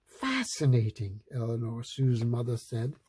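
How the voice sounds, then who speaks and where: A man reading a picture book aloud, slow, playful and expressive. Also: fairly high pitch. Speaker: storyteller.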